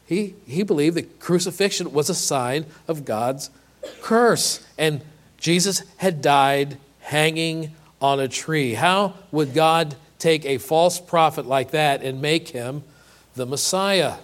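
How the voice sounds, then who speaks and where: A man's voice: on the high side, slow pace. A man preaching a sermon, earnest and emphatic, often repeating and restarting words and asking rhetorical questions. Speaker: pastor.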